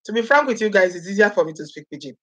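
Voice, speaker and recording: A woman's voice: medium pitch, animated, racing, husky, dull audio. Chatty Nigerian woman hosting a live vlog. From Edo State, Nigeria. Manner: chatty, mixes in Nigerian Pidgin, greets viewers by name. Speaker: vlogger host.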